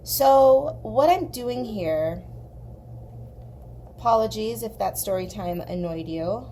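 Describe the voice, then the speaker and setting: A young woman from southern California, hosting an art channel, telling a long story in a chatty, animated way while she colors. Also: medium pitch, takes it slowly, a little hiss or hum. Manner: chatty, animated, acts out quoted voices.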